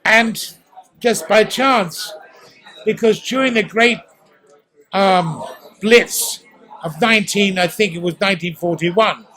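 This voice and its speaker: A man's voice: sits high, slow pace, long pauses, sharp tone, rough recording. A man in his eighties from the East End of London with a posh English accent, telling stories theatrically in an interview at a restaurant. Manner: theatrical, acts out sounds. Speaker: guest actor. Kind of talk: storytelling interview.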